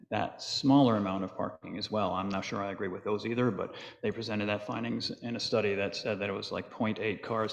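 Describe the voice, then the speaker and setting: A man chairing a town planning board meeting, working through procedure with many fillers and pauses. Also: on the low side, vocal fry. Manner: procedural, thinks aloud with fillers. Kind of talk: public meeting discussion. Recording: echoey hall, dull lo-fi sound.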